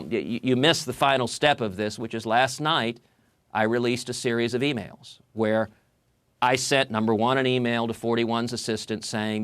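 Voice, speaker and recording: Male political guest of middle pitch, recounting a story with animated delivery and stuttered restarts, dry close sound. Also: smooth, dry recording. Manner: animated storyteller who repeats words when starting sentences. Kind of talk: storytelling in a TV interview.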